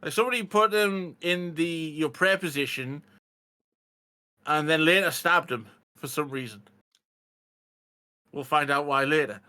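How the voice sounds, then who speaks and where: A man's voice: a little high, measured pace, long pauses, sharp tone, clean tone. A man joking playfully in casual chat while playing a game with friends. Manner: playful, jokey. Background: game music.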